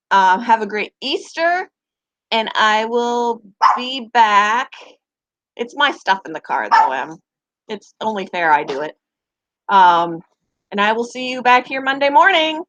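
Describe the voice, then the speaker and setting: A woman's voice: fairly high pitch, fairly bright tone, no room sound, low-quality recording. Chatty woman, dry close sound. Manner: chatty, talks to her dog in a sing-song voice. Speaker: pet vlogger. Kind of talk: casual chat to camera.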